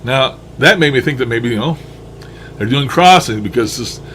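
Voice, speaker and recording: A man's voice: mid-range voice, expressive, normal speed, a bit bright, a little hiss or hum. Chuckling man musing over playback. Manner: chuckling, musing, mildly profane. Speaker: paranormal enthusiast reviewing his recordings. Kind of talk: casual commentary over playback.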